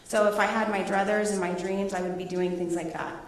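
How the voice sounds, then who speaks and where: A middle-aged woman, a teacher, presenting her research to students and taking questions in a lively, laughing way. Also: medium pitch, a little fast. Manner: animated, laughing storyteller. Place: large echoey hall. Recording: echoey hall, voice from a distance.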